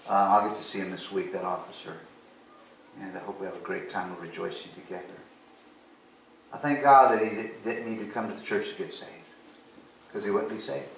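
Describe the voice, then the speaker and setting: A man's voice: sits low, fairly even intonation, brisk, vocal fry, pauses often. A male pastor delivers his sermon with earnest storytelling, voicing each exchange in the tale. He sounds set back from the mic in a very echoey sanctuary, with a faint hum of room noise underneath. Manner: earnest storytelling, acts out dialogue. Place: church sanctuary. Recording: echoey church from a distance.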